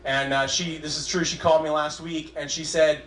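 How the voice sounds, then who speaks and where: A man's voice: on the high side, level tone, a bit bright, slight background noise. Self-deprecating young male stand-up comic. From Southern California. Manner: self-deprecating, halting with restarts. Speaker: stand-up comedian. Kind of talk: stand-up comedy set. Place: comedy club stage with a live audience. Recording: echoey club room, faint crowd ambience.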